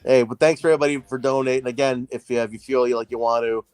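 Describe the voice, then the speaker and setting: A man's voice: medium pitch, steady tone, racing, darkish tone, clean tone, no room sound. Laid-back swearing man on a late-night stream. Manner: laid-back, swears freely, slips into a drawling stoner voice. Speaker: podcast co-host.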